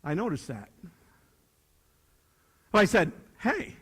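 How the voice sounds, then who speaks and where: An older man with a fairly high voice speaks to a crowd of students. He is emphatic and joking, and he drives his points home with repeated phrases. His words ring out with a long hall reverb behind them. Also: expressive, moderate pace. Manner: emphatic, joking, preacher-like repetition. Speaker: motivational speaker. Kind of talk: speech to a youth leadership audience.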